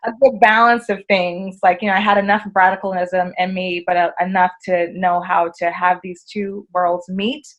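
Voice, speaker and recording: A woman's voice: on the low side, normal speed, few pauses, muffled recording. An American woman, a podcast guest, chatting casually and acting out quoted dialogue as she tells her stories. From United States. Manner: animated, acts out quoted dialogue. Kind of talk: casual conversational storytelling.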